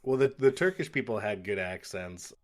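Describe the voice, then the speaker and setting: A man's voice: on the low side, expressive, moderate pace. A man in his thirties filling in as a podcast co-host, laid-back and chuckling as he chats. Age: 30s. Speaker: guest co-host. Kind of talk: casual chat.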